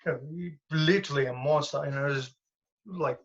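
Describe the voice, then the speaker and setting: A man recounting old fights in a relaxed, chatty way, laughing and cursing freely. His voice sits fairly high. The recording sounds dull and lo-fi. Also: a little fast. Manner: animated anecdotes with laughs and swearing. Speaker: guest, former professional fighter. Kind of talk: casual storytelling.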